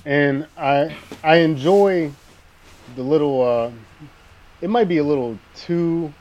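Male co-host, relaxed and chuckling, casual film talk, slightly muffled lo-fi mic. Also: a little high, slow. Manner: relaxed, laughs while retelling scenes. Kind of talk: casual movie discussion.

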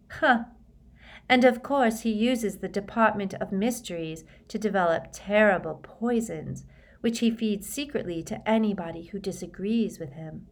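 A woman's voice: medium pitch, voice pushed up, natural voice. A woman voicing a dreamy, eccentric teenage girl who states strange claims earnestly in a storybook reading. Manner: earnest, matter-of-fact about odd ideas.

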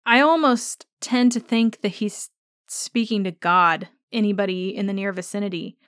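With a clear, resonant mid-range voice captured dry and clean in a studio, a fan podcast host chats casually about a favorite episode. She gushes enthusiastically, her speech speeding up in rushes.

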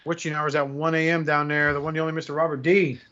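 A man's voice: fairly high pitch, flat delivery, quick pace, sharp tone, highs cut off. A man hosting a podcast, introducing his co-hosts with playful, joking banter. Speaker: podcast host. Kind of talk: casual podcast chat.

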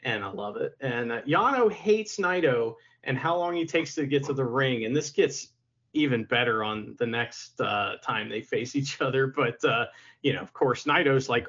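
A man's voice: medium pitch, expressive, normal speed, fairly bright tone, husky, lo-fi sound. A man co-hosting a podcast in casual chat, who laughs a lot and acts out quotes in silly voices. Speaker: podcast co-host.

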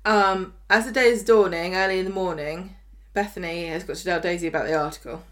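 A woman's voice: lowish voice, steady tone. A woman co-hosting a podcast, recapping a soap opera in casual, sarcastic chat. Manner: chatty, sarcastic, mocks characters in quick asides. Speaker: podcast co-host.

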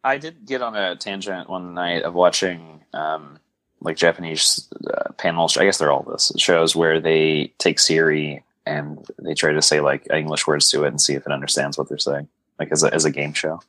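A man with a very low voice co-hosts a podcast in a loose, rambling way. His remarks come out wry and dry, and he fills his sentences with hedges and fillers. The sound is close and dry, with no room around it. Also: fairly even intonation, moderate pace, pushed and bright, no room sound, low-quality recording. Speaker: podcast co-host. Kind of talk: casual film-discussion chat.

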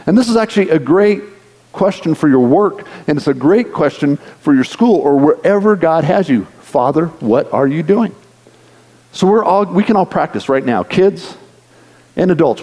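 A man's voice: a little high, darkish tone. A man preaching a sermon, earnestly leading the congregation in prayer. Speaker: pastor. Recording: long hall reverb.

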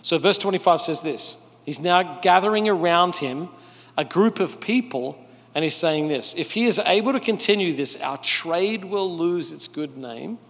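A male pastor preaching a sermon, telling the story with animated energy and briefly acting out the people in it. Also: fairly high pitch, normal speed. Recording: long reverb of a large hall.

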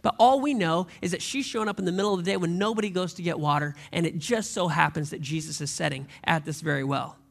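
High, gravelly-voiced male pastor preaching. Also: quick pace, few pauses, a bit bright. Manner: conversational storytelling with rhetorical questions. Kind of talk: sermon.

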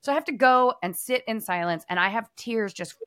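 Animated storytelling woman, dry sound. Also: fairly high pitch, fairly quick, smooth, no echo. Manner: animated storyteller, acts out quotes. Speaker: podcast co-host. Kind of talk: casual faith conversation.

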